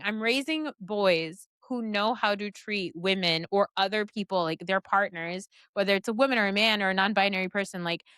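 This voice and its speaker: A middle-aged woman chatting as a podcast guest, telling lively family stories and acting out quoted lines. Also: mid-range voice, dry recording, clean studio sound. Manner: animated storytelling with quoted voices. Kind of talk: casual chat.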